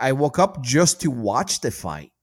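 Animated man bantering on a podcast. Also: medium pitch, unhurried, breathy edge. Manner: animated, profane, laughing often. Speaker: podcast co-host.

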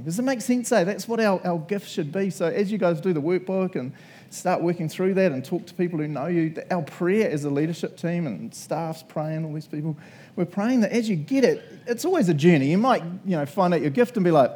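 A young man preaches in a casual, talkative way. His voice sits slightly high, and he laughs often and acts out quotes as he speaks. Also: lively intonation, fairly quick, mellow, slightly rough. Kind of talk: casual sermon.

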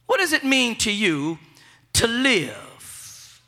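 A man's voice: very high voice, sing-song, takes it slowly, sharp tone. A man preaching a fervent sermon, repeating phrases and leading the congregation in call-and-response.

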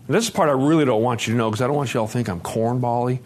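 A man giving a candid personal testimony at a conference, dropping to a hush and then rising loud and laughing. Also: medium pitch, very fast, slight background noise. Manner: candid, swings between hushed and loud, laughing. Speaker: speaker sharing his recovery story. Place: conference hall.

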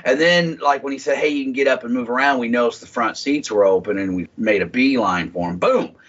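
A husky man chats loosely on a podcast, tossing in swear words as his stories wander. His voice sits in an ordinary middle register. The recording sounds dull and lo-fi. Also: medium pitch, brisk, a bit bright. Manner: swearing, rambling storyteller. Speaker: podcast guest. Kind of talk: casual chat.

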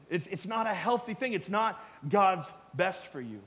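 A middle-aged man preaching a sermon in a conversational way, swinging from loud emphasis to quiet asides. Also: high-pitched, animated, moderate pace, long reverb tail. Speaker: pastor.

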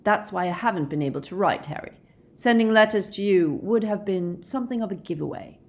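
A woman reading a calm, weary middle-aged werewolf man, measured and gentle in an audiobook. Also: mid-range voice, pitched above the performer's own voice, lightly acted.

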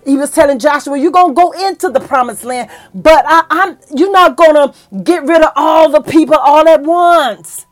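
A woman preaching a sermon in a fervent, emotional way, with folksy church talk and excited peaks. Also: sits high, moderate pace, few pauses.

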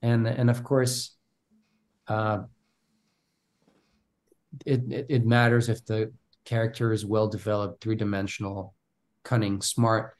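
A Bulgarian actor, appearing as a guest, talks in a casual interview with a fairly low, level-toned voice. He speaks slowly and animatedly, leaves long pauses, and often repeats words as he starts his thoughts.

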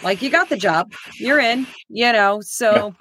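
A woman hosting a casual political chat, talking haltingly with many pauses. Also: a little high, lively intonation, fairly bright tone, husky. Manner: halting, lots of fillers and restarts.

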